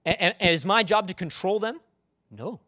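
High-voiced animated male pastor. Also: moderate pace, no echo, clean studio sound. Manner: animated, calls out to the congregation. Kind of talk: sermon.

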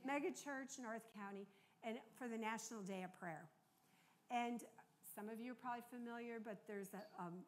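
A woman's voice: mid-range voice, slight background noise. An older American woman preaching a sermon in a conversational, earnest way, often checking in with the congregation. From United States.

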